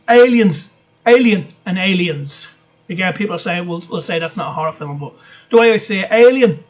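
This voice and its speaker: A man's voice: high voice, fairly bright tone. An Irish man chatting casually and bluntly in a vlog, rambling, with frequent swearing. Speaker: vlogger. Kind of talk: casual film list chat.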